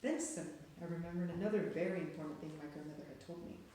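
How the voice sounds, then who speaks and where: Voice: medium pitch, fast, very echoey, a little hiss or hum. A reader narrating a storybook aloud in a dramatic, suspenseful way. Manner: dramatic, hushed and then rising with suspense.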